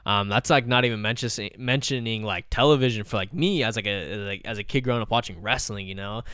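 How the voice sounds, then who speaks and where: Young man, podcast host, casual rambling storyteller, filler-heavy, swears, smooth clear voice, dry close sound. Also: lowish voice, a little fast, a bit bright, no echo. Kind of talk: casual chat.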